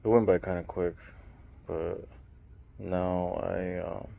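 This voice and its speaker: A man's voice: low voice, takes it slowly, vocal fry, highs cut off, slight background noise. A young man rambling casually in a late-night vlog, telling stories with lots of fillers. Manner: rambling, relaxed storytelling with many fillers. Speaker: vlogger and streamer.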